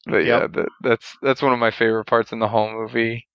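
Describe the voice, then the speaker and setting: A man's voice: mid-range voice, level tone, quick pace, smooth, no echo. A man hosting a casual conversation, talking with enthusiasm and chuckles. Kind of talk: casual conversation about a war film. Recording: slightly dull, dry sound.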